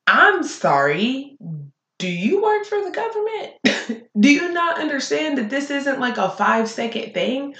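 A woman's voice: sits high, big pitch swings, fairly bright tone. A woman hosting a solo podcast, ranting bluntly and with plenty of swearing. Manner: blunt and profane, talking fast and heated. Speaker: podcast host. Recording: echoey room.

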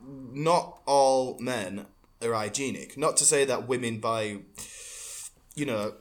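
A man's voice: medium pitch, slow pace. Swearing man ranting. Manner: ranting, swearing, laughing often. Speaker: podcast co-host. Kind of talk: crude casual banter.

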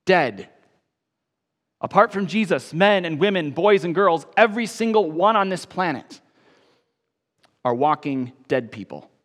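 Man, pastor, sermon, fairly high voice, emphatic swells and quiet drops, long church reverb. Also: expressive, unhurried, long pauses. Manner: emphatic, swelling on key phrases then dropping soft.

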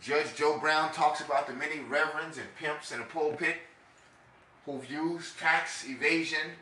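A man's voice: on the high side, steady tone, measured pace, bright, forceful tone, roomy sound. A man with a New York accent hosting a casual podcast monologue, brash, rambling and profane. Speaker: podcast host.

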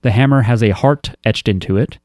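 In clean studio sound with no echo, a man with a mid-range, darkish voice chats casually about an anime episode for a podcast. He talks fairly fast, wry and loose, rambling with plenty of fillers and restarting often.

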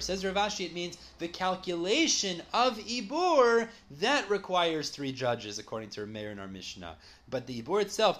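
A man's voice: fairly high pitch, fairly bright tone. A man giving a Talmud study lecture, reading Aramaic phrases and translating each into plain English. He explains step by step in a conversational way and corrects himself as he goes. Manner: conversational, with small self-corrections. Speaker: Talmud teacher.

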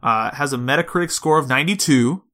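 Bright-voiced chatty man on a podcast. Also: mid-range voice, quick pace. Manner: chatty, laughs easily, lots of fillers. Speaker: podcast co-host. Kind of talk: casual chat.

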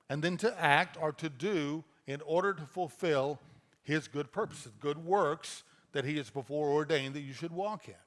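A man preaching a sermon as pastor, conversational and animated, telling stories and acting out little quoted lines. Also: fairly high pitch.

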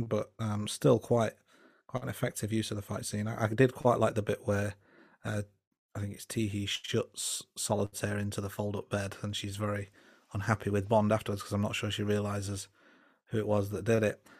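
A man co-hosting a casual film review podcast, relaxed and hesitant, with plenty of fillers and restarts. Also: on the low side, a little fast, dry recording, studio quality. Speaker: podcast co-host.

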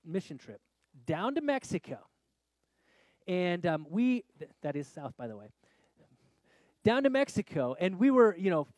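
A middle-aged man preaching a sermon as a pastor, telling a story in an animated way that swings between loud exclamations and quiet confession. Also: high-pitched, no room sound.

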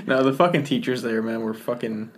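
A young man co-hosting a podcast, telling school stories in a rambling way, full of fillers, swearing and laughter. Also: medium pitch. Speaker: podcast co-host. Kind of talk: casual chat.

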